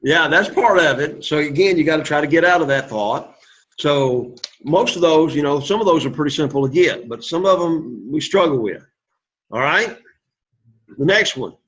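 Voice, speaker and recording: A man leads a Greek pronunciation drill, repeating each word for the class to echo. His voice is husky and a little high, and he talks slowly and encouragingly. The classroom recording sounds dull and lo-fi. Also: animated, a bit bright. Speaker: Greek teacher.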